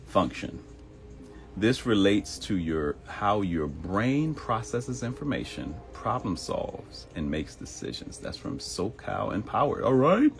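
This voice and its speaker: A man's voice: extremely low pitch, vocal fry. A man hosting a live morning show, giving a conversational motivational talk that mixes preaching with comedy and acts out quoted voices. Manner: preachy and conversational, addresses listeners as y'all. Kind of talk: motivational live-stream monologue. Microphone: streaming live.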